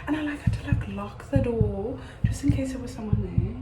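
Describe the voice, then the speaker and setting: A young woman from South Africa, a vlogger and actor, chatting casually in a rambling, animated way in a room at home. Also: on the high side, normal speed, few pauses, reverberant, background noise. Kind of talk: casual vlog chat.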